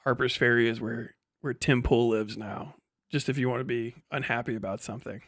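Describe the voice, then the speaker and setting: A man's voice: medium pitch, fairly even intonation, brisk, fairly bright tone, no room sound. Sweary Midwestern man with a dry close mic. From Wisconsin. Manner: blunt, sweary, laughs mid-sentence. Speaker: live streamer. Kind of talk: casual profane rant reacting to a video.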